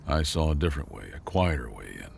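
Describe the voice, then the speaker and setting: A man doing a deadpan, bored janitor. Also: a bass voice, fast, vocal fry, background noise, exaggerated voice. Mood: flat. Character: tired, bored male human janitor, dry and sarcastic.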